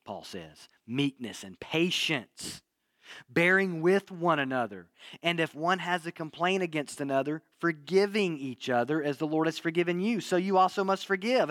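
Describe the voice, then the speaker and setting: A male pastor preaching a sermon in an earnest way, repeating key phrases and dropping his voice low for emphasis. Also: a bit bright, no echo, clean studio sound.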